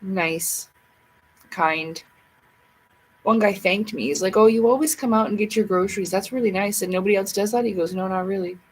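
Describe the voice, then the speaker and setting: A woman's voice: medium pitch, moderate pace, a little hiss or hum, rough recording. A woman hosting a livestream, rambling casually to herself and her viewers in a chatty way. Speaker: livestream host.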